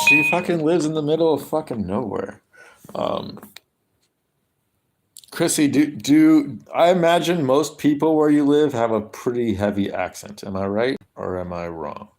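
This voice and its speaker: A man, rambling casually to his livestream audience, halting and restarting often and swearing a lot. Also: mid-range voice, creaky. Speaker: livestream host. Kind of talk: rambling casual stream chat.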